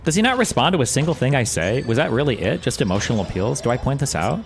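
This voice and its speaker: A man's voice: mid-range voice, very animated, quick pace, gravelly, soft background music. Casual rambling man streaming commentary. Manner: rambling, self-deprecating, profane. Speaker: streamer reacting to a debate. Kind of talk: casual commentary while gaming.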